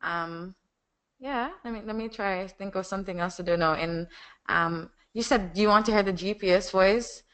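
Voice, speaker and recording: A woman's voice: mid-range voice, clear, resonant tone. A woman with a Jamaican accent, a voiceover artist talking casually and animatedly about her work. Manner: animated, quick chatty explanations. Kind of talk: casual conversation.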